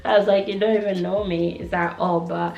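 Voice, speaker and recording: A woman's voice: medium pitch, steady tone, quick pace, darkish tone, reverberant, dull audio. A young woman vlogger telling a story to camera in a chatty, slangy way, laughing often.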